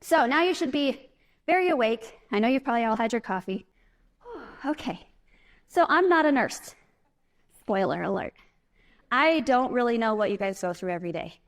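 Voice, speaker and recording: A woman's voice: fairly high pitch, expressive, moderate pace, pauses often. A woman giving a live keynote speech from a conference stage, chatty and self-deprecating, laughing often. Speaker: keynote speaker.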